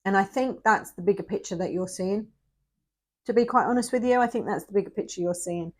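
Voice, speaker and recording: A tarot reader speaks straight to the camera in a mid-range woman's voice, moving a little fast. She is emotional and close to tears, addressing the viewer directly and often dropping to a whisper.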